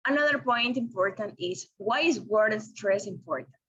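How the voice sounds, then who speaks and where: A young woman with Spanish as her first language, giving a careful, deliberate lesson presentation in English. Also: medium pitch, lively intonation, a bit bright, breathy edge. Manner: careful, deliberate, with small restarts. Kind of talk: read-aloud lesson presentation. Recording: dull lo-fi recording.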